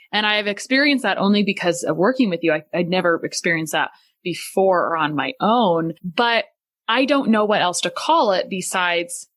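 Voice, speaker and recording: A woman with a lowish voice hosts a podcast interview, recorded dry and close. She chats and thinks aloud before putting her question to the guest. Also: fairly bright tone, no room sound. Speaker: podcast host.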